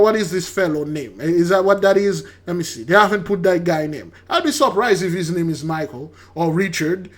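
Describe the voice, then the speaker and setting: Older male host, somewhat high-pitched; stumbles and repeats himself in casual commentary. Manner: rambling, stammering, repeats words, laughs at himself. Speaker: channel host. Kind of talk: casual commentary on a news clip.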